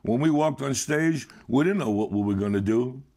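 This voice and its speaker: A man's voice: medium pitch, lively intonation, moderate pace, dark tone. A man, a former band member, recalling past shows in a plain-spoken, emphatic way. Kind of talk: reminiscing interview.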